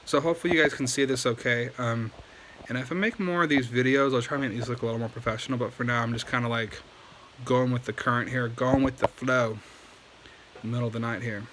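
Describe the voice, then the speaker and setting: A man's voice: medium pitch, steady tone, fast talker, background noise. A man giving a casual language lesson at home at night, patiently explaining and checking in with okay after each point. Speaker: Chinese language teacher.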